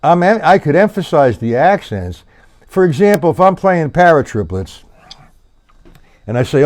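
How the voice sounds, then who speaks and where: A man's voice: on the high side, expressive, moderate pace, a little mellow. A man teaching a drum lesson on a live stream, counting beats aloud as he plays and talking loosely to his viewers. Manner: loose, swears at own mistakes. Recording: faint drum kit in the room. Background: drums.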